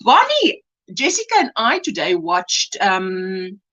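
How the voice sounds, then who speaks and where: A woman's voice: mid-range voice, wildly swooping pitch, slow, a bit bright, low-quality recording. A woman from South Africa hosting a casual crochet livestream, greeting viewers by name and reading out chat comments.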